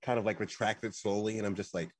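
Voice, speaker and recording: A man's voice: on the low side, fast talker, slightly rough, dry recording. Rambling man describing his character's actions. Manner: rambling, lots of "like" and "just", animated retelling of his actions. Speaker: tabletop game player. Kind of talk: casual play narration.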